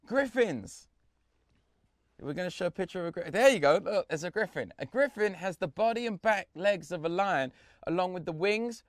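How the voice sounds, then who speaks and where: A man hosting a comedy web show, reading jokey scripted bits in a deadpan way and bantering with his crew. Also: on the high side, dry recording, clean studio sound. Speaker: host.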